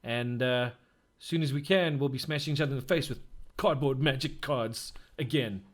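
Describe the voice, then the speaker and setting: A man's voice: mid-range voice, moderate pace. A man hosting a casual gaming podcast, upbeat and enthusiastic as he wraps up. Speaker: podcast host. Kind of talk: casual chat.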